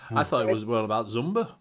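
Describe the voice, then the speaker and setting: A British man hosting a casual livestream chat, joking and laughing often. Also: mid-range voice. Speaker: host.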